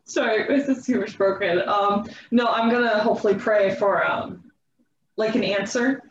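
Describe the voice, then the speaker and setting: A woman's voice: mid-range voice, moderate pace, a little hiss or hum. A woman playing a tabletop game, casual, giggly and hesitant with ums. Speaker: player. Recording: echoey slightly dull room sound.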